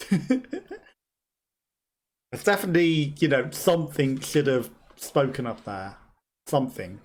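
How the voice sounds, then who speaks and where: A man's voice: medium pitch, very animated, takes it slowly, long pauses. A man hosting a let's play, chatting and musing aloud with chuckles as he plays. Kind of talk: casual gameplay commentary. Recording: game music behind the voice. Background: game music.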